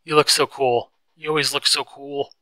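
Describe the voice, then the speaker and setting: A man voicing a restless, fretful wealthy young woman, loud and plaintive, in a storybook reading. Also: flat delivery, moderate pace, no echo, lightly acted, low-quality recording. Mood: teasing. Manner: high-strung, plaintive and loud.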